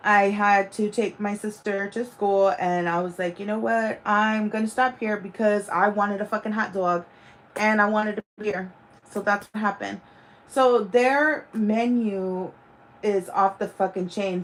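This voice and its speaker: Casual woman streamer, mid-pitched, loose rambling delivery with swearing and fillers. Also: fairly even intonation, measured pace. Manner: rambling and profane, with many fillers. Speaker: livestream host. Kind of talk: casual chat.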